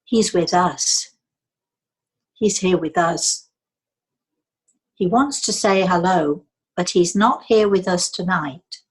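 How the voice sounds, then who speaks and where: Solemn spirit kid, woman doing him, slow and soft, kinda breathy, lowish. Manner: slow, repetitive, soft and hushed. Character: stern little spirit boy, solemn.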